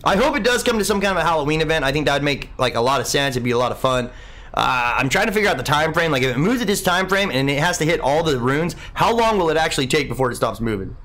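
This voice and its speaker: A young man hosts a live game stream in a loose, rambling way, answering chat comments one after another. His voice sits a little high for a man, and he keeps dropping "man" and "dude" into relaxed, unhurried talk. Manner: laid-back, rambling, says "man" a lot. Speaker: livestream host.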